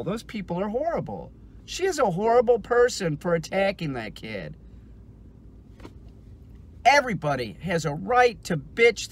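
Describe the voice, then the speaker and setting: A middle-aged man with a high-pitched voice vents on his own vlog. His talk is profane and heated, full of stumbling restarts. A faint noise sits under the recording. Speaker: dog trainer vlogger. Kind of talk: casual ranting vlog.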